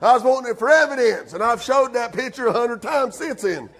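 High-voiced pastor preaching. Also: male voice, animated, brisk, fairly bright tone. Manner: fervent preaching, calls out congregants by name; drawling with frequent "uh" and "amen". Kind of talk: sermon. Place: church sanctuary.

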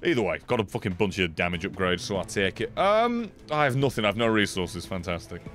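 A man's voice: lowish voice, fairly quick. Guy streaming a game, sweary and jumpy, voice goes all over the place, bit of music faint behind. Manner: excitable and sweary, swinging between mutters and yelps. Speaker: streamer playing a video game. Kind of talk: casual gameplay commentary.

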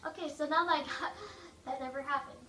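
High, bright, rambling female gamer. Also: fairly even intonation, a little fast, recorded from a distance, soft background music. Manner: rambling, joking, self-mocking. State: coughing, throat a bit rough. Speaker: gaming video maker. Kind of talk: casual gameplay commentary. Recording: echoey room, away from mic, faint noise.

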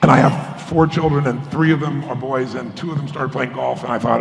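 A man's voice: medium pitch, fairly even intonation, a little fast, creaky, hardly any pauses. A man giving a motivational keynote talk to a live audience, telling stories and acting out the voices of people in them. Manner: storytelling, acts out quoted voices. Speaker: motivational speaker. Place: large conference hall. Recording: echoey hall with faint ambience.

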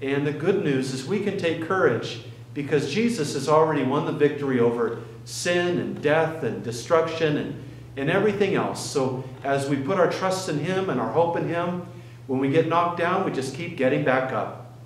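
A male pastor preaching in an earnest, halting manner, pausing and restarting as he tells a story. His voice sits a little higher than most men's, and it rings around a roomy, echoing church. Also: slight background noise. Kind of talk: sermon. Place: church sanctuary.

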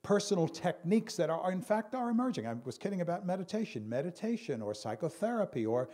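A man performing a stand-up comedy routine on stage, telling stories with lively impressions of other people. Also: high voice, quick pace. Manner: animated storyteller, mimics calm pilots and a Brooklyn guy. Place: stage before a live audience.

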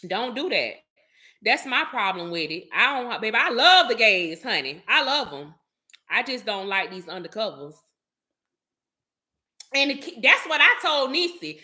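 A woman vlogger in casual gossip chat, animated and chatty, talking straight to her viewers and calling them child, baby and honey. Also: on the high side, normal speed. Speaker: vlogger host.

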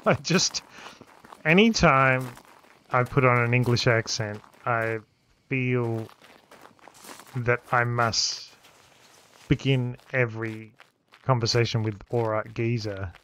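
A man's voice: medium pitch, slow, long pauses, fairly bright tone, poor audio. Joking man chatting over a game. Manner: joking, trails off mid-sentence. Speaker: streamer playing a survival game. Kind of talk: casual gaming chat.

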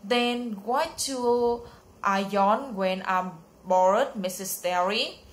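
Woman reading as a young schoolboy, sleepy, curious, children's storybook, slow careful reading. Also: medium pitch, natural voice. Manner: slow, careful read-aloud delivery.

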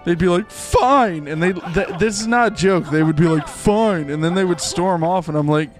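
A young man with a fairly high voice streams a game live, talking in a goofy, excitable ramble full of "like"s. Faint game music plays underneath his voice. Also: a little fast. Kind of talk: live gameplay commentary.

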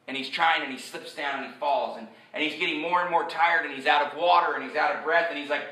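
A man preaching a sermon, animated and joking, who jumps from point to point. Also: on the high side, quick pace, few pauses. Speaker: pastor. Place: church sanctuary. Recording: echoey church sanctuary.

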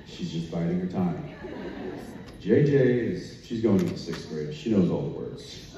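A man's voice: sits low, lively intonation, normal speed, warm tone, a little hiss or hum. A man on a convention panel chatting in a wry, joking way with hesitant restarts. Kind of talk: casual chat. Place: convention hall stage. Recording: echoey hall from far off, dull.

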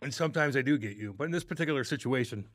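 A man's voice: mid-range voice, animated, racing, no echo. A man co-hosting a podcast in casual banter, teasing his co-host and acting out what other people might say. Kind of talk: casual chat, ribbing banter.

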